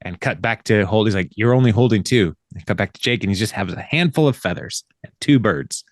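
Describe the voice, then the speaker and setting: A man's voice: on the low side, lively intonation, brisk, no echo, clean studio sound. A man hosting a podcast, casually recapping an episode with a rambling manner, laughing often and acting out the characters' lines. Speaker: podcast host.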